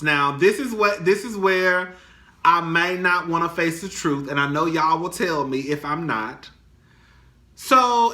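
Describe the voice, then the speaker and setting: A young man with a high-set, very bright voice gossips to his viewers in a casual vlog. He talks dramatically and profanely, calling everyone girl. The sound is echoey, as if recorded in a bare room. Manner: dramatic and chatty, swinging high and low. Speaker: vlogger.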